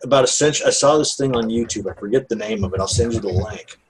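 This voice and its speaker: A man's voice: medium pitch, quick pace, a crowd in the background, rough recording. A man co-hosting a podcast in casual chat, with teasing asides to the listeners. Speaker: podcast co-host.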